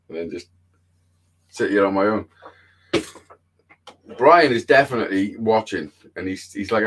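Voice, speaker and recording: A man's voice: fairly low pitch, lively intonation, normal speed, long pauses, fairly bright tone, slight background noise. Sweary, rambling man on a livestream. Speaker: livestream host. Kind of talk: casual chat.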